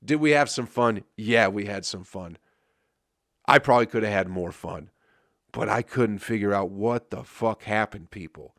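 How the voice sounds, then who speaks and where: A man's voice: on the low side, moderate pace, a bit bright, no echo, studio quality. A man who is a comedian, telling rambling, profane stories on his podcast and laughing at them. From Flint, Michigan. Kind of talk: casual storytelling monologue.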